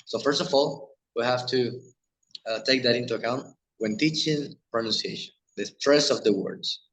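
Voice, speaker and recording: A man with a Spanish accent, a native Spanish speaker, teaching English pronunciation in a halting lecture with many restarts. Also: mid-range voice, a bit bright, poor audio.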